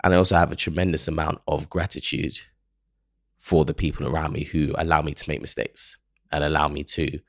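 Very deep, gravelly man musing earnestly. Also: flat delivery, a little fast, no room sound, studio quality. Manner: earnest, emotional, self-questioning. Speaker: podcast host. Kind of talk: reflective solo monologue.

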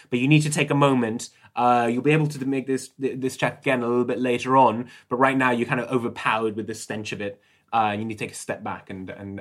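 Man narrating as game master. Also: mid-range voice. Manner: relaxed, laughs easily, many fillers. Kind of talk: narrating a tabletop horror game.

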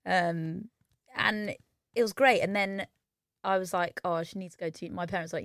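A woman's voice: fairly low pitch, fairly even intonation, fairly bright tone, dry recording, clean studio sound. A young English woman, a musician, telling stories in a chatty way with lots of fillers and restarts. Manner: chatty, fast storytelling with many fillers and restarts. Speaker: musician guest. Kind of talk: casual podcast chat.

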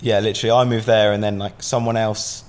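A man's voice: lowish voice, level tone, fast talker. A man from Southampton, telling a long story as a podcast guest in a casual, rambling way, full of fillers and swearing. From Southampton, England.

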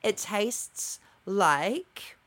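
A young man co-hosting a casual podcast, telling stories in an animated, playful way. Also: sits high, drawn-out words. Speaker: podcast co-host. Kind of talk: casual chat.

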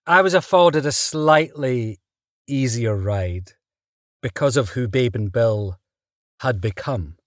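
Man, actor guest, chatty storyteller, laughs often, mid-pitched voice, dry close recording. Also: animated, slow pace, no echo. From Britain. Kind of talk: relaxed interview storytelling.

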